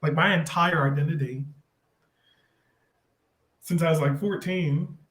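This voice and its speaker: A man as a podcast guest, telling a personal story in a rambling, animated way with many restarts. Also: on the high side, measured pace. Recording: roomy echo.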